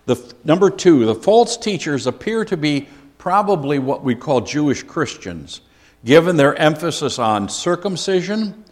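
A man leading a Bible study lesson, earnest and given to repeating key phrases for emphasis. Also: medium pitch. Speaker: Bible teacher. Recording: long reverb of a large hall.

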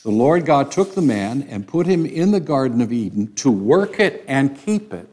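An older man teaches a small Bible class in an unhurried, chatty way. He often hesitates with ums and restarts his sentences as he explains. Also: medium pitch, very animated, mellow. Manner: conversational, many ums and restarts.

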